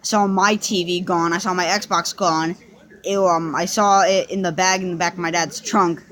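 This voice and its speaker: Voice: mid-range voice, fairly even intonation, normal speed, a bit bright. A young person casually telling a personal story to the camera, rambling through restarts and fillers and swearing now and then.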